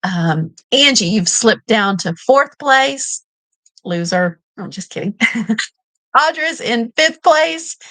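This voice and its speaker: A woman's voice: a little high, lively intonation, slow, a bit bright, dry recording, rough recording. A woman with a Kentucky accent hosting a live trivia game, playful and teasing, laughing often.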